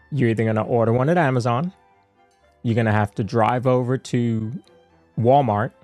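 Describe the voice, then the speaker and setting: A man co-hosting a casual podcast, easygoing and quick to laugh as he walks through a list of topics. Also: mid-range voice, warm tone, no echo. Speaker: podcast co-host.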